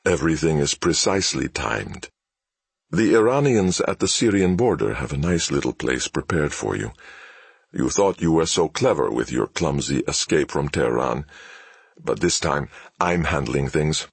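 A ruthless male captor in complete control, cold and mocking, drawing out his threats slowly and swinging his husky voice up high with sneering scorn, as a man reading the story puts him on. Each word sounds dry and close. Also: big pitch swings, dry recording, exaggerated voice.

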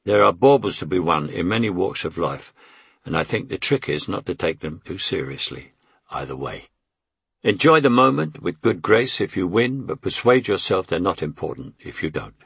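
Gravelly older Cockney man reading. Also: low voice, a bit bright, no echo. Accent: London Cockney. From England. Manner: wry, conversational storytelling. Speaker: author reading his memoir. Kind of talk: audiobook memoir narration.

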